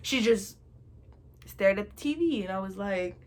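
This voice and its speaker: A young woman telling a funny childhood story in a casual storytime, animated and dramatic, laughing as she goes. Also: medium pitch, measured pace. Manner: animated and dramatic, shouting and wailing re-enactments.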